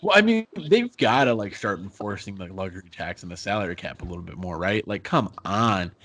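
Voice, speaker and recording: A young man rambles through a loose sports chat on a podcast. His voice sits a little low and stays easygoing, with the odd curse thrown in. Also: animated, fairly quick, fairly bright tone, no echo. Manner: laid-back, rambling sports talk with profanity. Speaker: podcast co-host.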